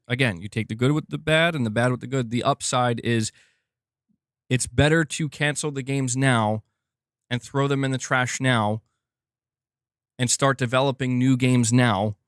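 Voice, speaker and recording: Gaming stream guy talking to chat, mid-pitched voice, dry close mic, no room sound. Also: smooth, dry recording. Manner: chatty, reads donations aloud, talks to chat directly. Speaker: gaming news livestream host. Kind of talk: casual livestream commentary.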